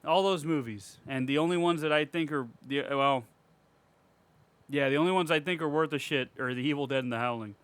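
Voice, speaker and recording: A man's voice: a little high, fairly quick, fairly bright tone, smooth, dry recording. A man hosting a casual podcast chat, profane and ranting, often laughing as he reads out and mocks reviews. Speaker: podcast host.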